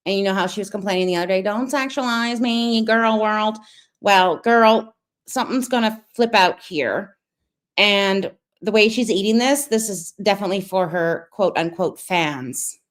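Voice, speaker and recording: A young woman with a medium-pitched voice, speaking at normal speed, hosts a stream and greets her viewers. She reacts to a clip with sarcastic, gossipy commentary, sounding critical.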